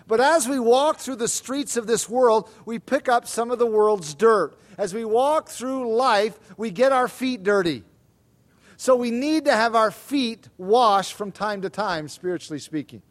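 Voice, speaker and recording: A man preaching an expository sermon, pausing and stressing quoted lines. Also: high-pitched.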